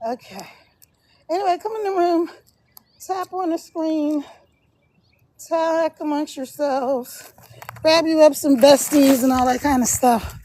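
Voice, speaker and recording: A woman's voice: sits high, unhurried, pauses often, dark tone. A middle-aged woman chatting casually to livestream viewers while walking uphill outdoors, a little out of breath and laughing often. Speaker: live streamer and online business coach. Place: outdoors on a hill.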